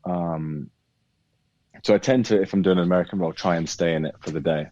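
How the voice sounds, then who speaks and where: A man with a British accent and a very low voice talks through his craft in a relaxed, thoughtful way, circling back and restarting often. The recording is dry and a little muffled. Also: fairly quick, no echo. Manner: thoughtful, many restarts and hedges. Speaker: actor guest. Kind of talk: casual interview chat.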